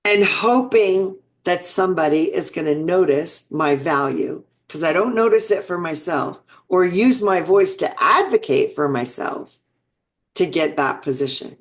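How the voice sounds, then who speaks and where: Unhurried and animated, with a voice on the low side, a woman in her sixties tells personal stories as an interview guest. She is reflective and earnest and often restarts what she's saying.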